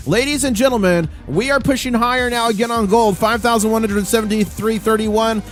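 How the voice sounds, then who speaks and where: A man's voice: very high-pitched, fairly quick, few pauses, faint music behind. Hyped man calling live metal prices. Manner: hyped, auctioneer-like calls of prices. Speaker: livestream host. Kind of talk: live market commentary.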